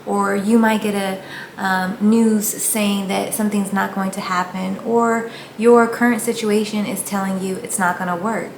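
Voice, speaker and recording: A woman's voice: mid-range voice, fairly even intonation, measured pace, vocal fry. A woman giving a casual, earnest motivational talk about faith, speaking straight to her viewers. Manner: earnest, encouraging, addresses viewers directly. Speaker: faith vlogger. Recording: echoey room with faint ambient noise.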